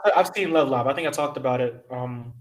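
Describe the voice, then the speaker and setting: A man co-hosting a podcast, chatting casually and quickly. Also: medium pitch. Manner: quick, laughing, conversational. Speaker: podcast co-host. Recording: noisy background.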